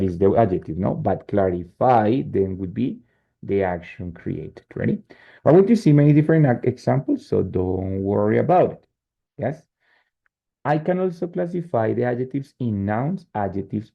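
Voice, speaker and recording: A man's voice: fairly low pitch, vocal fry. A male English teacher with a Spanish accent explains word suffixes, keeps checking "right?" and "no?", and drops into Spanish. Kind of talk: online class teaching. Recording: muffled lo-fi call audio.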